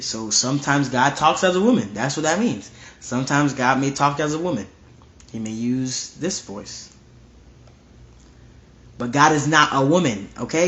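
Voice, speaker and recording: A man's voice: medium pitch, fairly bright tone. A man giving a casual verse-by-verse Bible study, reading scripture aloud and repeating his points with emphasis. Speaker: Bible teacher. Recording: roomy, dull lo-fi recording.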